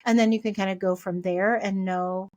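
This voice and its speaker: A woman in her thirties hosting a parenting podcast alone, talking in a gentle, conversational way with many fillers and restarts. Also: mid-range voice, steady tone, moderate pace, lo-fi sound. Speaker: podcast host. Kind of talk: casual solo podcast talk.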